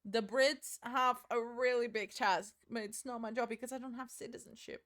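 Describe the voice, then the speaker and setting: A woman streamer talks to her chat in a loose, theatrical way, swearing and laughing often. Her voice sits a little high for a woman. The delivery is unscripted and chatty. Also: steady tone, fairly bright tone. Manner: dramatic, swearing, quick to laugh. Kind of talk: casual live-stream chat.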